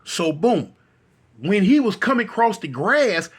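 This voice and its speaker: A man telling a story in a casual, rambling way, full of fillers and repeats, getting animated at times. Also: sits high, a little slow, husky.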